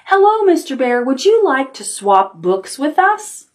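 A woman voicing a group of timid, polite little rabbits in a children's story, speaking high and nervous with a stammer. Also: very animated, measured pace.

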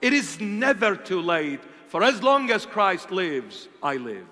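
A high-pitched man preaches slowly in a bright, sharp voice, pressing his listeners with rhetorical questions. His delivery swings between fiery and hushed, and a long church reverb trails behind every phrase. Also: sing-song. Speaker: bishop preaching. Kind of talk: sermon.

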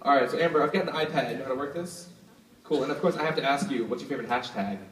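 A man's voice: mid-range voice, rapid-fire. A young man performing as a stage magician, talking casually and with energy to a live audience, hyping them up and chatting with helpers. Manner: energetic, hyping the crowd, filler "like". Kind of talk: live stage show patter. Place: live show venue with audience. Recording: echoey hall, from a distance, crowd and noise.

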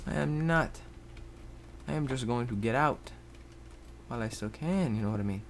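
A man giving rambling Let's Play commentary at his computer, jumping between loud outbursts and muttered whispers. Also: mid-range voice, normal speed, long pauses, slight background noise. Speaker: gaming YouTuber. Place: at a computer, indoors.

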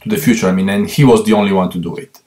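Italian-accented man, halting with fillers. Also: on the low side, steady tone, a little mellow. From Italy. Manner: halting, many fillers and repeats. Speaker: guest violist. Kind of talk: interview over a remote line.

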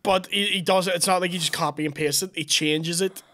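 A man guesting on a comedy podcast speaks high with a bright, sharp edge. He is teasing and sweary in casual banter, needling his friend at every turn. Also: fairly even intonation, fairly quick.

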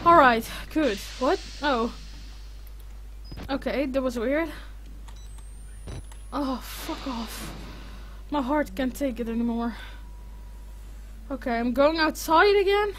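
A woman's voice: high-pitched, lively intonation, measured pace, long pauses, fairly bright tone, a little hiss or hum. A woman playing a horror game, panicking, swearing and muttering to herself as she goes. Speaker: gaming streamer. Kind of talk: horror game let's play commentary.

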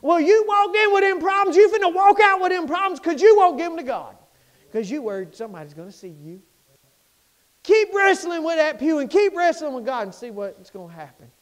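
A male pastor, preaching an impassioned sermon in a church sanctuary and swinging between loud cries and hushed lines. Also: extremely high pitch, big pitch swings, a little fast.

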